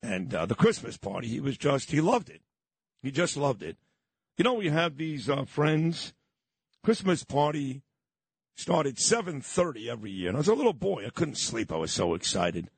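On a morning radio show, a middle-aged host from Brooklyn, New York reminisces through casual, nostalgic storytelling. His medium-pitched voice is sing-song, creaky and breathy-edged at a normal speed, in a dry recording.

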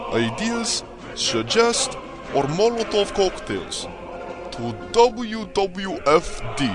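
Man putting on a slow, lilting mock-Russian show-off, broken English, deadpan swagger, radio promo. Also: on the high side. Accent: put-on Russian. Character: boastful Russian male Rubik's Cube champion. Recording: music bed behind.

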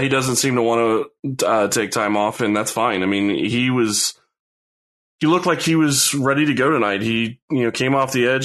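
Low-voiced man giving measured sports analysis. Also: a bit bright. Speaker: podcast co-host. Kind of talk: casual sports talk.

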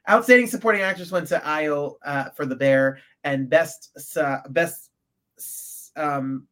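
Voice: medium pitch, a little slow, fairly bright tone. Podcast co-host reading award results. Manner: reads from notes with fillers and stumbles.

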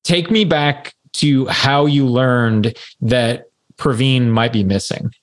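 Calm male podcast interviewer. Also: medium pitch, slow pace. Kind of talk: interview questions.

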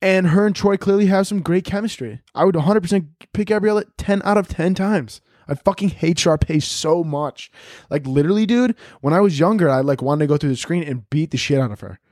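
A man's voice: high voice, a little fast, no room sound, clean studio sound. A young man hosting a solo podcast with a sore throat, ranting profanely and animatedly as he tells stories. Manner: profane, animated storytelling, shouts when mimicking others. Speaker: podcast host. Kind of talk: solo comedic podcast rant.

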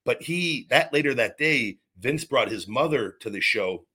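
A man in his forties tells a story on a podcast, with a bright, forward tone. He rambles and circles back, restarting sentences and repeating words as he goes. His pitch sits in a middling range. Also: lively intonation, unhurried, husky. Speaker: podcast host, former wrestler. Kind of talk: casual storytelling chat.

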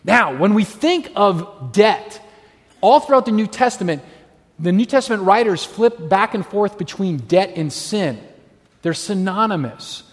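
High-voiced man preaching in a reverberant hall. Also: a little slow. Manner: animated storytelling, acts out quoted voices. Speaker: pastor. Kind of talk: sermon.

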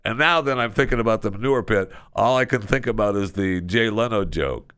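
A man hosting a radio show, chatting casually and telling a story with lively jokes from a studio. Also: on the low side, a little fast, smooth, no echo. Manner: animated storytelling, joking. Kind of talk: casual chat.

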